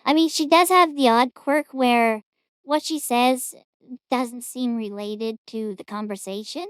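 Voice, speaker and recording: A woman talking casually as she reacts to a clip, rambling and amused. Her voice is slightly high and smooth, recorded dry and close at a home setup. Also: a little slow, a bit bright, no room sound. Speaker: reaction streamer host.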